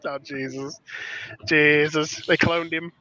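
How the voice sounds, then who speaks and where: A man chatting as a podcast guest, excitable and rambling, often breaking into laughter. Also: a little high, slow pace. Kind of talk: casual chat. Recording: dull lo-fi dry sound.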